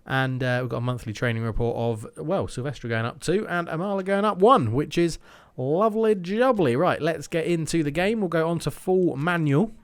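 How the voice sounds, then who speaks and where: A man's voice: fairly high pitch, moderate pace, few pauses. A young man giving casual gameplay commentary, thinking aloud and slipping into mock match commentary. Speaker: gaming YouTuber.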